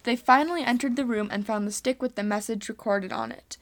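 A woman's voice: fairly high pitch, brisk. A woman earnestly reading a homemade space adventure story aloud.

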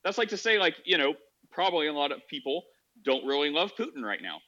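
A man's voice: on the high side, sing-song, a little fast, pushed and bright, lo-fi sound. A man hosting a podcast, arguing his point in rambling casual talk with many restarts. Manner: rambling, restarts, quotes others in mocking voices. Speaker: podcast host. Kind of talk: casual debate chat.

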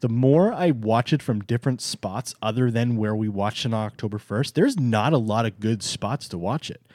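A man's voice: mid-range voice, animated, moderate pace, a little mellow, no echo. A man co-hosting a theme park podcast, talking in an enthusiastic, emphatic casual way. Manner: enthusiastic, emphatic, plugs channel. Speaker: podcast co-host. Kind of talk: casual chat.

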